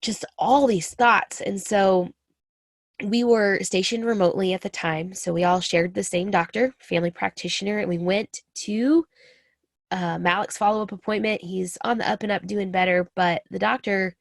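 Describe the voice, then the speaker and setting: A woman's voice: medium pitch, fairly even intonation, normal speed, vocal fry, dry recording, clean studio sound. A woman in her thirties, a military spouse, talking earnestly and confidingly about her own experience to listeners she calls friends. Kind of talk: personal talk to camera.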